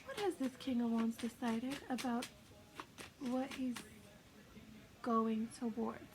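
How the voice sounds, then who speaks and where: A woman giving a casual intuitive tarot reading, chatty and self-mocking, laughing often and sometimes dropping into soft whispers. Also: on the high side, steady tone, slow pace, background noise. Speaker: tarot reader.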